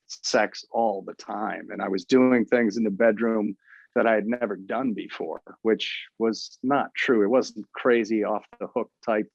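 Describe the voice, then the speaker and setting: A man in his fifties with a lowish voice tells his own story as an interview guest, earnest and halting, restarting his sentences and leaning on fillers. The sound is dry and close, with dull, lo-fi remote audio that takes the shine off the voice. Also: fairly even intonation, gravelly, no room sound.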